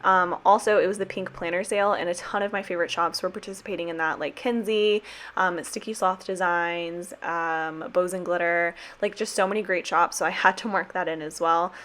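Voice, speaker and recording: A young woman with a fairly low-pitched, fairly bright voice does a casual, chatty voiceover about her planner. A planner vlogger and sticker shop owner, she's bubbly and rambling, using slang and the odd swear word.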